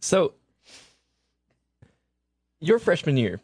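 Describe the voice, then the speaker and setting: A man's voice: a little high, wildly swooping pitch, very slow, a little mellow, a little hiss or hum. A man hosting a casual podcast interview, easygoing and asking leading questions. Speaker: podcast host.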